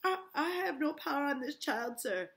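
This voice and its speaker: A woman's voice: high-pitched, expressive, normal speed, a bit bright, voice pushed up. A woman reading aloud and voicing a frightened woman accused of witchcraft, who pleads her innocence in a broken dialect. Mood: pleading.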